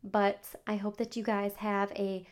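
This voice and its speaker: Young woman podcaster chatting away, lots of "like", mid-pitched voice, acts out the back-and-forth. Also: flat delivery, measured pace. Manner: chatty, many "like" fillers, acts out child's replies. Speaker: podcast host. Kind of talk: casual storytelling to camera.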